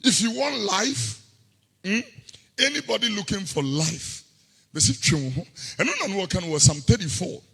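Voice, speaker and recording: A Ghanaian-accented man preaching a sermon, moving between quiet scripture reading and sudden sing-song shouts. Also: sits high, lively intonation, normal speed, gravelly, breathy edge, in a large hall.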